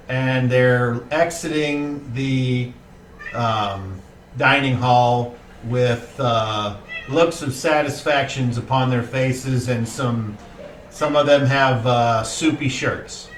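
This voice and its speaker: A man's voice: medium pitch, very slow, slight background noise. A man running a tabletop game as game master, talking casually with swearing and frequent fillers. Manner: casual, profane, rambling with fillers. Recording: roomy distant mic, faint ambience.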